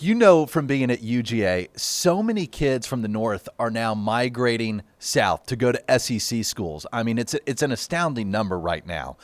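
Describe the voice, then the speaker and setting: A man's voice: medium pitch, no echo. Man, TV news anchor, chatty, jokey, dry studio sound. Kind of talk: broadcast interview.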